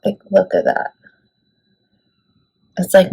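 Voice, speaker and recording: A woman's voice: lowish voice, lively intonation, slow pace, background noise. A woman beauty vlogger talking casually through a makeup tutorial, chatty and full of "like" and "let me tell you". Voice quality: creaky.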